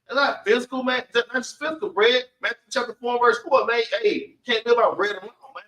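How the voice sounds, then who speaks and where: A man's voice: very high voice, fairly even intonation, brisk, pushed and bright. A man teaching a Bible class, giving emphatic spoken commentary on scripture and keeping the readings going. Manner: emphatic, calls everyone man, urges reading on. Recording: echoey room, far from the mic.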